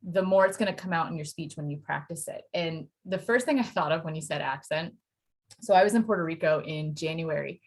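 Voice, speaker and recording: A woman from Pennsylvania, a Spanish teacher, chatting as a podcast guest and telling lively stories with quoted voices. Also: sits low, fairly quick. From Pennsylvania, USA. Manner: animated storytelling with acted quotes and laughter. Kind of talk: casual interview chat.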